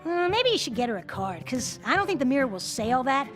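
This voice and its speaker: A woman plays a young boy dragon sidekick in a cartoon, very high and squeaky with a bouncing lilt. He comes across as awkward and boyish. A music score plays clearly behind him. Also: sing-song, fast talker, fairly bright tone. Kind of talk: animated series dialogue. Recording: clip with music underneath.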